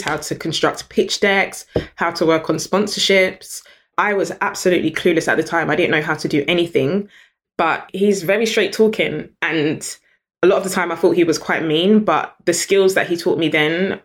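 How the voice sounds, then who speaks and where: A British woman, a guest in an interview, telling stories in an animated, chatty way and laughing often. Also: low voice. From Britain. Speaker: guest entrepreneur. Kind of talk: storytelling in an interview.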